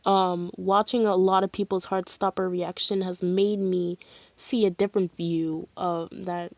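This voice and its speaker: A woman streaming live, chatting casually and excitedly as a fan, with lots of "like" and "um". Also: lowish voice, measured pace, no room sound. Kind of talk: casual chat.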